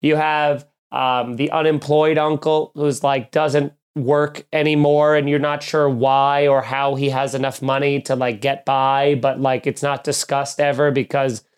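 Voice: mid-range voice, level tone, measured pace, few pauses, smooth. A podcast host talking in a rambling, profane, mock-exasperated comedic way. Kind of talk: casual comedic chat.

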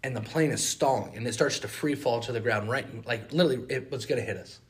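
A man's voice: medium pitch, fast. A young man with a Southern US accent, telling travel stories on a casual podcast, acting out quotes and sound effects. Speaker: podcast co-host. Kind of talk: casual storytelling chat.

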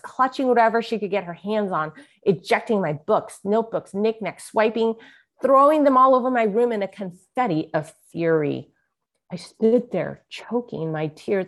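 A woman guest reading an excerpt of her memoir aloud and talking about it, with earnest, vivid storytelling. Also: medium pitch. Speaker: guest author. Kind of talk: memoir reading and interview chat.

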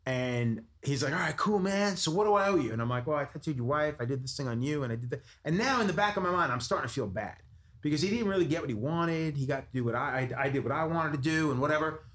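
A man's voice: a little high, animated, fast, a bit bright. A man telling a profane story on a podcast, acting out quotes and swearing constantly. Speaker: tattoo artist telling a story. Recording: roomy echo with faint noise.

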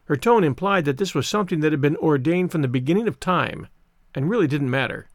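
A man narrating a classic novel in the first person, measured and wry in his delivery. His voice sits slightly high with a very lively, animated pitch, recorded dry and close with no room sound. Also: no echo. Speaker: audiobook narrator.

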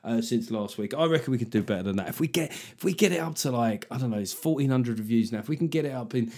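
A man's voice: medium pitch, expressive, fast talker, a little mellow. A man hosting a podcast, talking in a loose, jokey, sweary way. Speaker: podcast host. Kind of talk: casual chat.

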